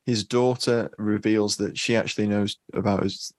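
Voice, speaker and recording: A man co-hosting a film podcast, weighing up a film in a measured, thoughtful way. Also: lowish voice, steady tone, darkish tone, dry recording, clean studio sound. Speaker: podcast co-host. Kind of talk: casual film review chat.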